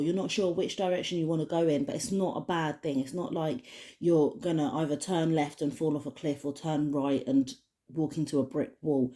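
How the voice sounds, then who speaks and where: A woman's voice: low voice, dark tone. A woman giving a casual spoken oracle card reading, rambling with many restarts and fillers. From United Kingdom. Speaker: tarot card reader.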